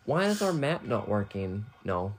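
A woman playing a horror video game in casual chat, panicky and cursing a lot, with loud outbursts. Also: rumbling low, big pitch swings, a little slow, a crowd in the background. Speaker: game player. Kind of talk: casual let's-play chat.

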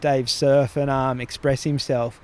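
A man's voice: mid-range voice, flat delivery, measured pace. An Australian man talking as a podcast guest, rambling through stories and swearing freely in casual conversation.

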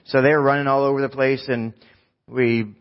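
A man's voice: medium pitch, level tone, normal speed, lo-fi sound. Casual rambling preacher man. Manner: casual, rambling, self-mocking storyteller. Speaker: pastor. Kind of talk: preaching a sermon with a personal story.

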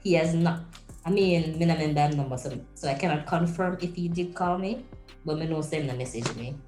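Woman, very low voice, podcast co-host, animated storytelling, roomy echo. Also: a little fast, faint music behind. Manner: animated storytelling with slips into patois. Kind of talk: casual chat.

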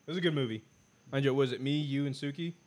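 A young man co-hosting a casual podcast. He retells things in a rambling way, full of filler and swearing, and he sounds relaxed among friends. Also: mid-range voice, very fast. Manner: rambling storyteller, profane. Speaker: podcast co-host. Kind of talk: casual chat.

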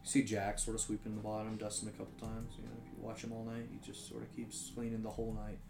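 Low-key male game master. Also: monotone, quick pace, vocal fry. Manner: casual, low-key narration with fillers. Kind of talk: narrating a tabletop game. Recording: roomy echo, music behind.

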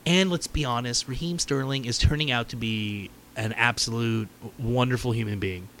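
A man's voice: medium pitch, moderate pace, a bit bright. A man co-hosting a casual football fan podcast, chatty and fond of recounting anecdotes. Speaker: podcast co-host.

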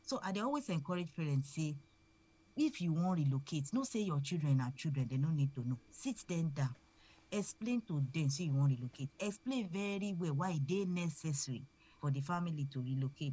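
Husky-voiced speaker with a Nigerian accent. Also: mid-range voice, animated, brisk, mellow. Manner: earnest, repeats words while building a point. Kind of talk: advice talk.

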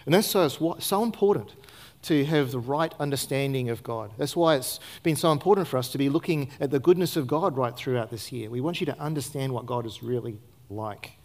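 A man preaching a sermon to his church as pastor, earnest and emphatic, asking the congregation rhetorical questions and rising and falling in loudness for stress. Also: medium pitch, a little fast. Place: church service.

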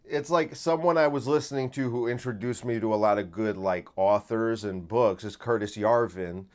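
A man's voice: fairly low pitch, moderate pace, smooth. Rambling male podcast comedian. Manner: rambling, restarts a lot, swings loud and soft. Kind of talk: casual solo podcast monologue.

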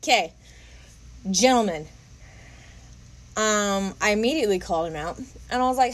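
A woman's voice: medium pitch, expressive, normal speed, long pauses. A young woman delivering an angry personal rant to camera, heated, emphatic and full of swearing. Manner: heated, profane, emphatic ranting.

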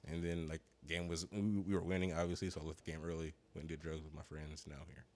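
A man telling a long, profane story in casual podcast chat, rambling, full of slang and sounding high. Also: little pitch movement, fast, a little mellow. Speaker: podcast co-host.

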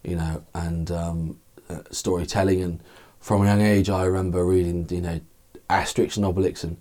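A man's voice: sits low, flat delivery, moderate pace, mellow. A man talking as a guest in a casual podcast chat, thoughtful and meandering with many fillers.

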